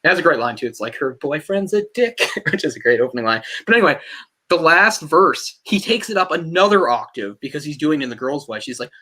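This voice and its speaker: Give me a tenor-voiced man co-hosting a film podcast, rambling and animated, with a bright, ringing tone. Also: a little high, a little fast, slightly rough. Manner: rambling, animated, heavy use of "like"; tenor speaking voice from a trained singer. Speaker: podcast co-host. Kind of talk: casual film discussion chat.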